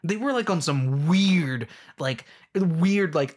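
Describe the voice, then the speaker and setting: A man's voice: fairly high pitch, animated, slow, hardly any pauses. A young man in a casual rant, rambling and exasperated, full of filler words. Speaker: movie fan ranting.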